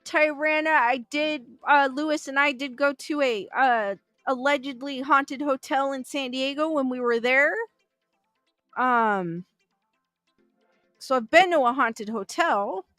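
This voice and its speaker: A woman hosting a casual livestream talks with viewers in a high, bright voice, chatty and given to thinking aloud with fillers and laughs. Her voice sounds dry and close, with faint music underneath. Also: measured pace, dry recording. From Southern California. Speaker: livestream host reading chat. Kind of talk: casual live chat.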